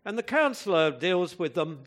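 A man with a high, fairly bright voice preaches a conversational sermon at a moderate pace, his pitch swinging widely. He often poses rhetorical questions to listeners and now and then breaks into emphatic bursts.

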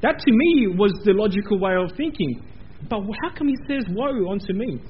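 A man preaching a sermon in a church, animated and repeating phrases for emphasis. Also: sits high, moderate pace, lo-fi sound, a little hiss or hum. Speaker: pastor. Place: church building.

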